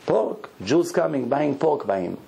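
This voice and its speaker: A man, a rabbi telling stories in a lively sermon and acting out the people in them. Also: on the high side, moderate pace, vocal fry, a little hiss or hum. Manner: animated storyteller, acts out pleading and crying. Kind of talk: storytelling sermon.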